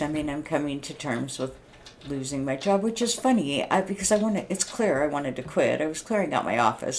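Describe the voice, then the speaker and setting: A woman's voice: low voice, slight background noise. A woman around sixty talking casually to her camera, blunt and frustrated, swearing freely and laughing at herself. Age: 60s. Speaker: vlogger. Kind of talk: casual rambling monologue.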